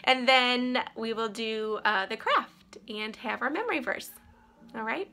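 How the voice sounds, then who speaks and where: Gentle woman with a gravelly voice. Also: a little high, lively intonation, unhurried. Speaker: children's minister. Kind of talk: prayer and scripture reading for children.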